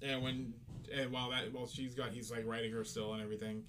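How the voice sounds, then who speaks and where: Relaxed man chiming in on a podcast. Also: mid-range voice, fast talker, background noise. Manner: brief agreeing interjections, relaxed. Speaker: podcast co-host. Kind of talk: casual chat.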